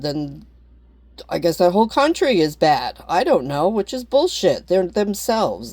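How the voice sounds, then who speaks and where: A woman's voice: fairly low pitch, big pitch swings, normal speed, a little mellow, no echo. A woman talking straight to camera in a rambling, blunt vlog, swearing freely and laughing often. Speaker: vlogger. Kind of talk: casual rambling monologue.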